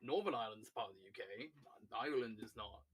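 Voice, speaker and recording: A man's voice: fairly low pitch, animated, quick pace, a bit bright, breathy edge. A man from Wales bantering on a stream voice call, arguing and teasing with some swearing.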